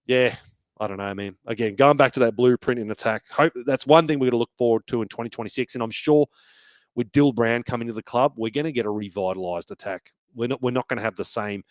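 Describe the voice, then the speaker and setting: A man's voice: mid-range voice, fast talker, dry recording. A man hosting a casual fan podcast, talking with feeling, swearing freely and restarting his sentences often. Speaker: podcast host.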